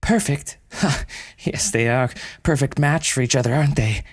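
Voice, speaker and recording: A man's voice: mid-range voice, lively intonation, moderate pace, breathy edge, dry recording, studio quality, voice pushed up. A man doing a bitter, proud female panda. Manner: formal, slightly broken English. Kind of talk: storytelling audio drama.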